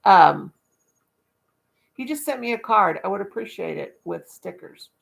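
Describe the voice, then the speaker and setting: A woman's voice: medium pitch, expressive, a little slow, gravelly. A woman chatting casually on her livestream, folksy and talkative, breaking into baby talk to her dog now and then. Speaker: livestream vlogger.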